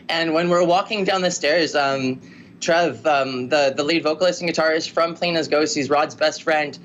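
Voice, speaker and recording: A woman musician telling stories in a casual interview, rambling and lively with lots of filler words. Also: sits low, moderate pace, slight background noise. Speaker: musician guest.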